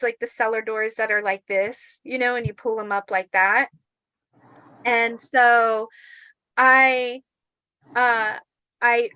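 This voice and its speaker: A woman in her forties telling a spooky personal story in a casual, animated way, swearing and acting out the quotes. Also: on the high side, dry recording, rough recording.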